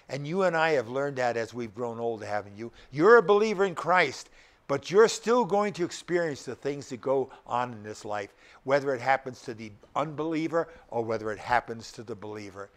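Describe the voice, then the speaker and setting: A man's voice: medium pitch, lively intonation, normal speed. An older male pastor preaching a sermon, emphatic and often putting rhetorical questions to the congregation.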